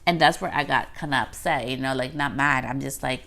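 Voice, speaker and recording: A woman's voice: very deep voice, a little fast, gravelly, hardly any pauses, fairly bright tone. A woman hosting a podcast, talking casually on her own in a chatty way, full of fillers and little acted-out quotes. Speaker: podcast host. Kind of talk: casual solo podcast talk.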